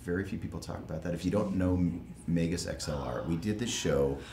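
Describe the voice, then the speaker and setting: A man in a casual interview, talking about his voice acting work, playful and laughing often. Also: brisk. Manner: playful, laughs often, lively swings in pitch. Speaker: voice actor guest. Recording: echoey room with faint ambient noise.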